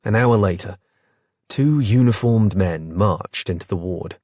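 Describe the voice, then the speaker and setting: A man narrates an audiobook in a measured, steady voice. His voice is low and somewhat husky. The recording is dry and close. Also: dry recording. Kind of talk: scripted narration.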